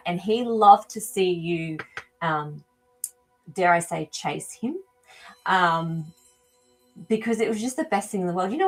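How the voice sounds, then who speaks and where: Hesitant, chatty woman with a lowish voice. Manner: hesitant, searching for words with frequent ums; responds to viewers' live comments. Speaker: animal communicator hosting a live show. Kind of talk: live-stream reading, casual chat.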